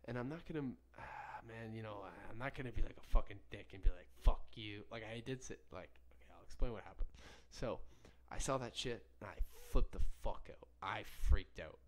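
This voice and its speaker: Rambling, profane young man, low voice. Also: brisk, hardly any pauses. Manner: rambling, profane, frequent self-corrections. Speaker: podcast host. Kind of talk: casual solo podcast storytelling.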